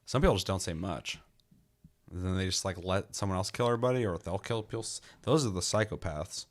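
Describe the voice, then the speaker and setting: A man's voice: deep voice, brisk. A man co-hosting a gaming podcast in casual chat, swearing freely and telling stories with energy. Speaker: podcast co-host reviewing games.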